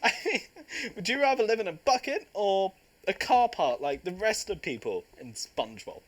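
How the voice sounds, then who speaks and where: A young man, hosting a casual podcast chat, jokey and quick to laugh. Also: sits high, big pitch swings. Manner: jokey, teasing, laughs often. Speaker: podcast host.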